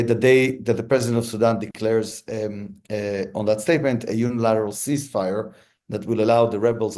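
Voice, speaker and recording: A man being interviewed as a hostage negotiator, telling stories reflectively with frequent restarts. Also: on the low side. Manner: thoughtful, many restarts, relaxed storytelling pace.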